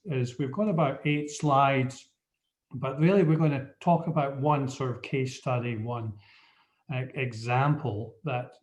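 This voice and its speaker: A man's voice: mid-range voice, darkish tone. A man with a slight Scottish accent presenting a webinar over a video call, hesitant, with many ums and restarts. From Scotland. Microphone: computer mic on a video call. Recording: muffled video call audio.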